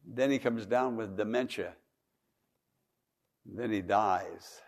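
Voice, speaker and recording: A man preaching a sermon as a pastor, moving from hushed tones to loud pleading and repeating words. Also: fairly low pitch, takes it slowly, creaky, pauses often.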